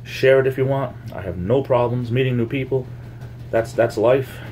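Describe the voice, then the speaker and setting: A man's voice: mid-range voice, normal speed, dark tone, slight background noise. A man vlogging casually from home, rambling in a meandering way, repeating his phrases and making up words as he goes. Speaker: YouTube vlogger. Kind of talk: casual rambling monologue to camera. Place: home, near the laundry.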